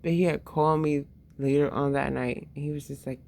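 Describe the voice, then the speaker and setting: A woman's voice: deep voice, fairly even intonation, brisk, creaky, dark tone, slight background noise. A woman and mother talking candidly in a casual personal monologue, swearing freely and laughing often.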